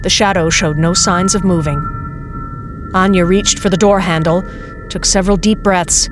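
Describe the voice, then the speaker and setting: A woman reading a novel aloud as narrator, in a steady, measured way. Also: on the low side, over music. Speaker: audiobook narrator. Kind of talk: scripted narration.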